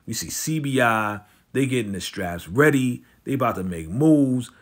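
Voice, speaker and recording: A man recapping a TV episode in a loose, slangy, conversational way. He talks at a mid-range pitch and keeps slipping into quick acted-out snippets of the characters' lines. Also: expressive. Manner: slangy, conversational, lots of "you know" and "right?". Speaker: TV recap host.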